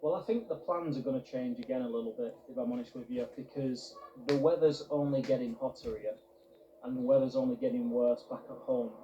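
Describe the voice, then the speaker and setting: A man's voice: medium pitch, fairly quick, highs cut off, a little hiss or hum. Man reflecting in a roomy outdoor recording. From United Kingdom. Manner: earnest, reflective, warm-hearted storytelling. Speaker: travel vlogger. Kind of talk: casual storytelling to camera. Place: outdoors in a park.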